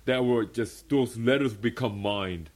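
Male pastor, testimony sermon, earnest, emphatic, repeats phrases, mid-pitched voice. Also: a little slow, darkish tone. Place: Bible fellowship meeting.

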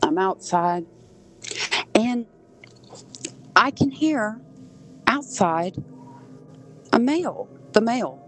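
A woman's voice: on the high side, animated, very slow, pauses often, poor audio. A woman from southern Georgia, a podcast guest, earnestly recounting events step by step. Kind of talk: personal storytelling.

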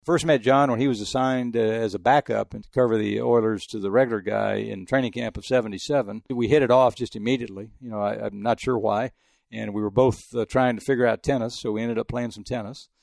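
Older man from Texas, ex-sportswriter; quick, gravelly, rambling storyteller, dry sound. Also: mid-range voice, fairly even intonation, a little mellow, dry recording. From El Paso, Texas. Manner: fast, rambling anecdotes with many restarts. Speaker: retired sports journalist. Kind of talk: interview storytelling.

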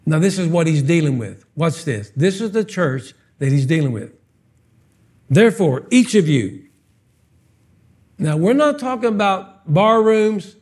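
Brief: male pastor, high-pitched, playful live sermon in a church, punchy questions. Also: normal speed, few pauses, slightly rough. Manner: animated, joking, fires off rhetorical questions. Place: church sanctuary, live service.

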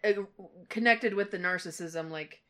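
A woman's voice: on the low side, normal speed, pushed and bright. A woman co-hosting a podcast, thinking aloud in a hesitant way and filling gaps with "like". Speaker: podcast co-host. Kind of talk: casual podcast chat.

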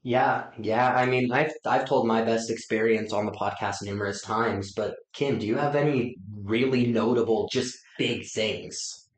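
Animated male podcast host, echoey room. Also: lowish voice, unhurried. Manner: animated storyteller, acts out his own reactions. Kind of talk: casual chat. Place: inside an old hospital building. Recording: echoey room in an old building.

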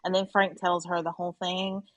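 A woman's voice: fairly low pitch, level tone, moderate pace, a bit bright, no echo. A woman in a casual book-club chat, reflective and rambling. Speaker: book club podcast co-host.

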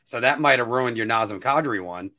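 A man co-hosting a casual podcast chat, rambling and restarting his sentences, now and then jumping up into a high-pitched whine. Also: a little fast. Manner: rambling, self-interrupting, animated with sudden high-pitched whining bursts. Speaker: podcast co-host.

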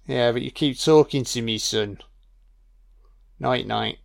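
A man's voice: medium pitch, takes it slowly, creaky. Sweary, chatty man. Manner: profane, chatty, laughs often. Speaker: film commentator. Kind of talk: casual audio film commentary.

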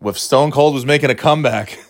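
A man talking on his own podcast in a loose, rambling way. He drops swear words freely and breaks into laughter. His pitch sits in an ordinary middle range. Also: brisk. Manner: rambling, profane, laughing often. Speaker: podcast host. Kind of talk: casual solo chat.

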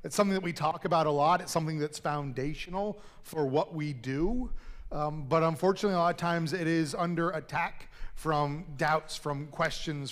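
A man preaching from the pulpit with a slightly higher-than-average voice. He tells stories in an easy, conversational way and turns earnest and reverent when he prays. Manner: conversational storytelling, then earnest prayer. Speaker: pastor. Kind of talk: sermon.

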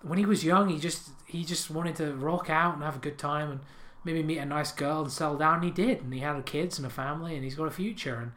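Speaking fairly quickly in a slightly high, somewhat bright voice, a man hosts a podcast where he tells absurd, meandering funny stories. He swears and laughs at his own jokes into the podcast microphone.

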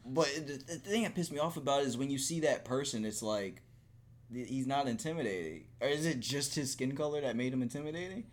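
A man's voice: medium pitch, a little fast. A man in casual podcast chat who laughs often and acts out quoted dialogue, with hesitant restarts.

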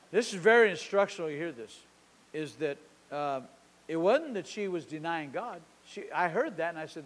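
A pastor with a high-pitched voice, preaching in a church. He tells a story and acts out its conversations, dropping his voice low and then rising loud. His voice rings with a long reverb in a big sanctuary. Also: lively intonation, a little fast. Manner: storytelling, acting out dialogue with shifting loudness. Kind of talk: sermon.

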